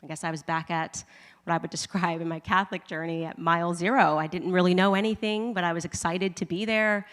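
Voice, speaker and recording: Woman, fairly low voice, animated storyteller who laughs a lot, reverb-heavy room. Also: brisk. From United States. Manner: animated, laughing often, acting out her own reactions. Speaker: commentator. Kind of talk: personal testimony storytelling.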